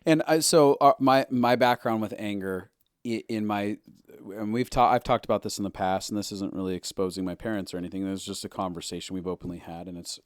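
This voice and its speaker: A man co-hosting a podcast, telling personal stories with animated energy, restarting sentences and acting out what others said. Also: on the low side, fairly quick, no echo, studio quality. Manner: animated storytelling with restarts and acted-out quotes. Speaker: podcast co-host. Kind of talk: casual conversation.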